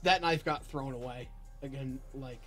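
A young man livestreaming, telling a story in animated chat and acting out both sides with bursts of disbelief. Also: medium pitch, moderate pace, soft background music. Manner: acts out both sides of a story, rising to near-shouts in disbelief.

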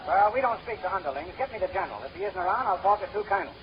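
An actor playing a fast-talking male con man who fires off deadpan puns and wisecracks, in 1930s radio comedy. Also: high voice, lo-fi sound. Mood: wisecracking. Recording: scratchy, hissy 1930s radio recording.

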